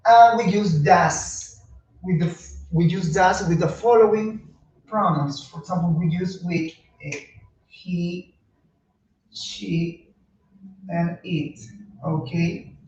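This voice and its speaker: A man teaching an English grammar lesson, speaking slowly and repeating words with frequent "okay"s. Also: high voice, fairly even intonation, darkish tone. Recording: echoey distant lo-fi room recording.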